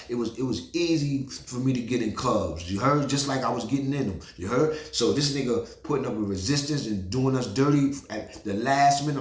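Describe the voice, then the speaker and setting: New man, mid-pitched, animated street storyteller, roomy echo on the recording. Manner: animated, profane, repeats "you heard".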